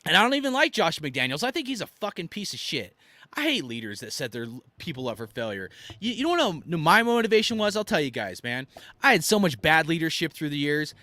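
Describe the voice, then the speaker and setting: An army veteran commentator in his thirties tells army stories in a blunt, profane rant, swinging from loud outbursts to low asides. His bright, tense voice is sing-song and brisk, jumping up and down in pitch. The recording is close and dry.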